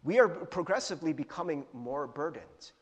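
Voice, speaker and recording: Animated young pastor in a reverberant hall. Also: male voice, fairly high pitch, moderate pace. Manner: animated, joking, acts out voices. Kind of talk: sermon.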